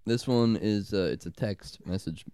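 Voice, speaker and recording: A man co-hosting a podcast in casual chat, laughing often and repeating words in quick bursts. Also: on the low side, warm tone, clear, resonant tone, no room sound. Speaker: podcast co-host.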